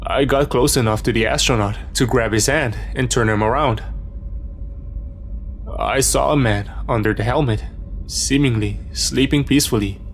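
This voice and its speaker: A man reading a scripted first-person horror story as narrator, in a steady storytelling manner. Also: mid-range voice, a little hiss or hum.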